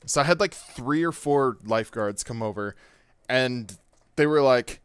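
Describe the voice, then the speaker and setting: A man's voice: mid-range voice, measured pace, clear, resonant tone, no echo. A man casually telling a personal story, rambling with lots of fillers and swearing. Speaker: gaming YouTuber.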